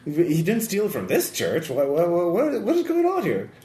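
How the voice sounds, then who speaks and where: A bewildered priest , as a game master puts him on, in a voice pushed well above his own, stammering and tumbling from one fussy question to the next. His speech leaps up and down in pitch, and it sounds like a roomy recording around a table. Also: wildly swooping pitch, moderate pace, mellow, a little hiss or hum. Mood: flustered. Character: confused, flustered male London priest.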